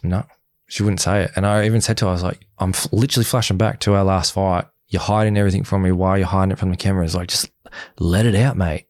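A deep-voiced young man tells his story in a casual interview. He talks in an animated way, acts out both sides of past conversations and swears freely. The recording is dry and close. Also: racing, dry recording. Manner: animated retelling, acts out quoted dialogue, frequent swearing. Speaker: guest, former reality show contestant.

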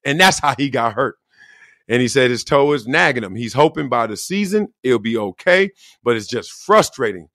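A middle-aged male host in casual sports commentary, slangy and loose, his pitch swinging up and down a lot as he acts out other people's lines. The sound is dry and close, with almost no room. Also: moderate pace, no echo. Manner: animated, slangy, acts out quotes in voices.

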